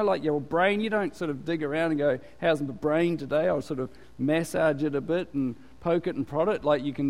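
A man's voice: a little high, darkish tone. A man preaching a conversational sermon as pastor, often asking the congregation questions and waiting for answers. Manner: chatty, quizzes the congregation. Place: church. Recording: long reverb of a hall.

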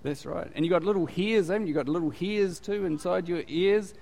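A man gives a relaxed, talky sermon in a church, asking his congregation questions as he goes. His voice sits a little high for a man. The sound rings with the long reverb of a large hall. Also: fairly quick, creaky. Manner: chatty, quizzes the congregation. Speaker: pastor. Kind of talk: conversational sermon.

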